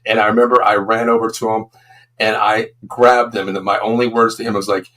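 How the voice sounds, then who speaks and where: A man in his fifties, once a football coach, co-hosts a laid-back sports talk show, where he tells long, emphatic, rambling stories. His voice sits on the low side with a level tone, a slightly quick pace, and a sharp edge.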